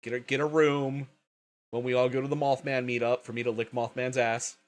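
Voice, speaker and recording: A man's voice: mid-range voice, level tone, brisk. A man hosting a casual livestream, sleepy and tired, swearing often and laughing a lot. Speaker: livestream host.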